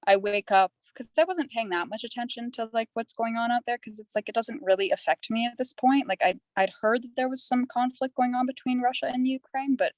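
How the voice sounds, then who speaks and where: A woman's voice: fairly high pitch, fairly even intonation, brisk, few pauses, dry recording, poor audio. A young woman from Canada, a podcast guest, telling her story in a rambling, candid, chatty way. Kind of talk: candid casual conversation.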